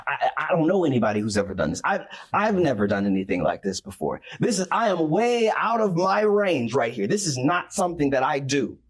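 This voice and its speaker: A man's voice: on the high side, sing-song, a little fast, few pauses, breathy edge. A man voicing a panicky man out on stormy water. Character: frightened man stepping out onto stormy water.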